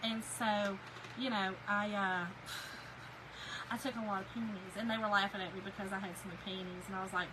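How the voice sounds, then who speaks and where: A woman's voice: mid-range voice, fairly even intonation, fairly quick, noisy background. A woman hosting a crafting livestream, chatting folksily and calling her viewers y'all. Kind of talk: casual chat while crafting on a livestream.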